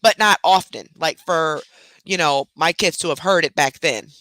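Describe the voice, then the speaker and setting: Lively, bright-voiced woman telling a story. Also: sits low, normal speed, dry recording. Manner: animated, expressive, with casual swearing. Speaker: host telling a family story. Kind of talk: casual storytelling chat.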